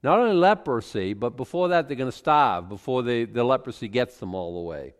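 A man preaching a sermon, reading scripture aloud and commenting in an animated way, chuckling often and restarting his sentences. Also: mid-range voice, a little fast. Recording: long reverb from a large hall.

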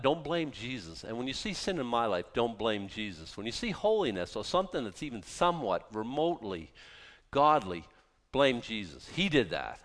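Lively preacher man in an echoing hall. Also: medium pitch. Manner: animated, mocking, rhetorical questions. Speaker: pastor. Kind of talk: sermon.

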